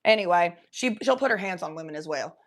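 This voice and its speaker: Young woman doing a fake southern accent on stream, high, crude and rambly, coughs a bit. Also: lively intonation, a little fast. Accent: put-on Southern US drawl. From Cincinnati, Ohio. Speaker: livestreamer. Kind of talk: casual livestream chat.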